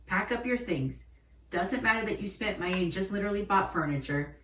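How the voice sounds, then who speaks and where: A woman voicing her grandmother's gentle spirit. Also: medium pitch, lively intonation, brisk, lightly acted. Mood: soft earnest. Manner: soft, hushed, earnest. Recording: roomy, distant from the mic.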